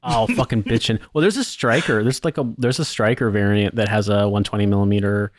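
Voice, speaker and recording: A man's voice: fairly low pitch, brisk, no room sound, clean studio sound. Rambling, profane podcast co-host, man. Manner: rambling, profane, lots of "like" fillers. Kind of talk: casual chat.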